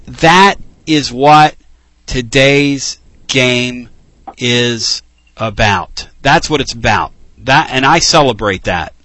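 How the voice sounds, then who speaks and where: A man hosting a call-in sports radio show, folksy and animated. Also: medium pitch, slow pace, no room sound, rough recording. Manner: animated, folksy, laughs freely.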